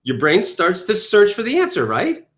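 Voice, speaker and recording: A man, a self-help author, telling his story in an interview with lively acted-out quotes. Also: high-pitched, moderate pace. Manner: enthusiastic, quotes himself and audiences in lively asides.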